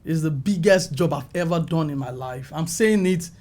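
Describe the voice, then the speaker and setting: Animated high-voiced Nigerian man storytelling. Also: normal speed. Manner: animated, acts out calls and quotes with rising pitch. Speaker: film makeup artist, guest. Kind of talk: storytelling in an interview.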